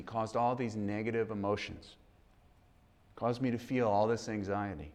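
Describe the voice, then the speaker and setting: A man's voice: fairly low pitch, fairly even intonation, normal speed, a little mellow. A man preaching a sermon in a conversational, earnest way. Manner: conversational, earnest, acts out quoted dialogue. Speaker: pastor.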